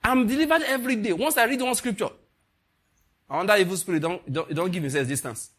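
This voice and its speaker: A man with a Nigerian accent preaching a sermon, animated and laughing, swinging from quiet asides to loud exclamations. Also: high voice, fast, husky.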